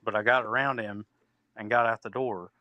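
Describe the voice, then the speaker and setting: A man's voice: lowish voice, fairly even intonation, normal speed, sharp tone, no echo, lo-fi sound. A man telling a rambling, profane story, acting out both sides of an old argument. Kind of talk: casual storytelling.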